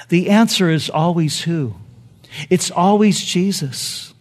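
A male pastor preaches a passionate sermon at a measured pace. He fires off rhetorical questions and lets his voice drop soft and low on key phrases.

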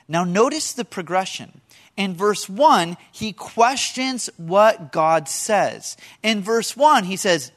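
A man preaching a sermon to a congregation, telling animated stories and asking the listeners questions. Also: high voice, slow. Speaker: pastor.

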